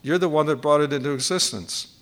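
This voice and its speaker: An older male preacher delivers a teaching sermon at a conference. His voice sits a little high for a man. He works through his points one by one and repeats key phrases to drive them home. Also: a little fast.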